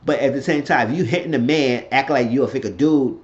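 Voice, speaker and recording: A man talking through a TV episode in a loose, rambling way and giving his blunt opinions as he goes. His voice sits at a middle pitch, and the recording sounds dull and lo-fi. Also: brisk. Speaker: TV show reviewer. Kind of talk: casual unscripted recap.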